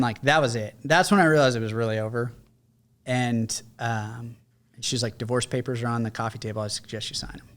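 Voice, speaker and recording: A middle-aged man, a combat veteran and podcast guest, telling his story in a candid, conversational way and acting out what others said. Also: mid-range voice. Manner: candid, conversational, mimics others in quoted lines. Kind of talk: casual storytelling.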